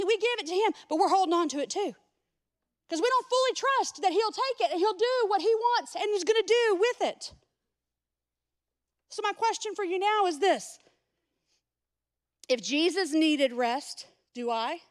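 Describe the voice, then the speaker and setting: A woman pastor giving a sermon in a casual, conversational way, speaking straight to the congregation with humorous asides. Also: very high-pitched. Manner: addresses the congregation directly.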